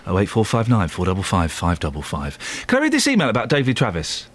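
A man's voice: on the low side, wildly swooping pitch, fast talker. A man hosting a radio show, chatting in a playful, self-mocking way from a studio. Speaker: radio host. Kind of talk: casual radio chat.

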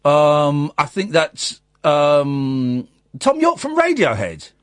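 A man hosts a casual radio show, telling stories with jokey energy. His fairly high voice leaps up and down constantly. The studio sound is close and dry. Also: slow, dry recording. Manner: animated, jokey storytelling. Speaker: radio host. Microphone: studio microphone.

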